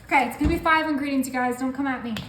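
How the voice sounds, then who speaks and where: A woman hosting a casual home cooking video, bubbly and quick to laugh, talking to her viewers as you guys. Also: high-pitched, fairly bright tone, roomy sound, a little hiss or hum. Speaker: cooking vlogger. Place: home kitchen.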